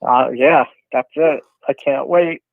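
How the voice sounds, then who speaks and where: A man co-hosting a podcast, chatting casually and responsive, quick to laugh. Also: mid-range voice, vocal fry, dry recording. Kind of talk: casual chat. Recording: tinny phone line.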